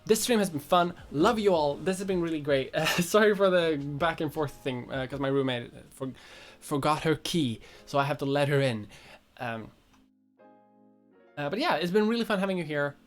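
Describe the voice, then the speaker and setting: A woman's voice: sits low, animated, moderate pace, soft background music. A woman from Sweden with a light Swedish accent, a streamer chatting casually, reading viewers' comments aloud and answering them offhand, with casual swearing. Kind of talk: casual livestream chat.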